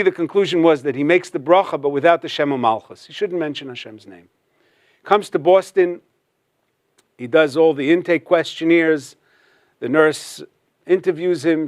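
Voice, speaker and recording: A man giving a storytelling religious talk, narrating a story at an even pace and sprinkling in Hebrew terms. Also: on the high side, no room sound, clean studio sound. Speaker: religious speaker.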